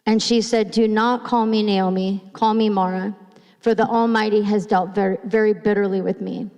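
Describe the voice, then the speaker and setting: A woman pastor preaching in a church, her voice at a middle pitch for a woman. She reads scripture slowly and retells it in her own words, a little nervous, with halting restarts. Long reverb from the church hall trails after each phrase. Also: fairly even intonation, a little mellow. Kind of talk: sermon with scripture reading. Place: church sanctuary.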